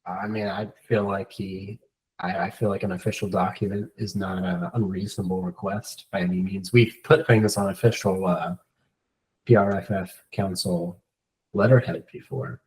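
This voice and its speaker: A man on a podcast panel, giving a measured, reasonable opinion. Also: deep voice, fairly even intonation, far from the mic, low-quality recording. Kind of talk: casual podcast chat.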